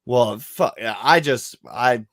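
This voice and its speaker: A man in his thirties hosting a podcast, telling stories in casual, profane chat with lively quoted voices. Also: medium pitch, slow pace, no echo, studio quality. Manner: profane, storytelling, animated quoting. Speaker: podcast host.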